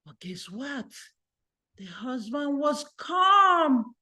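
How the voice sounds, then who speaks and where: Woman, church children's story, very slow, lively swooping pitch, bright voice. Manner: animated, expressive, addresses children directly. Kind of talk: children's story in a worship service.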